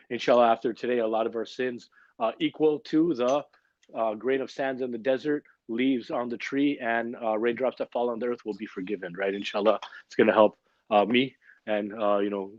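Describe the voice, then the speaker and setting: A man's voice: mid-range voice, a little mellow, dry recording, highs cut off. A man hosting a religious gathering on a livestream, in an upbeat and informal way that includes jokes. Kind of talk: casual livestream announcing. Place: online livestream.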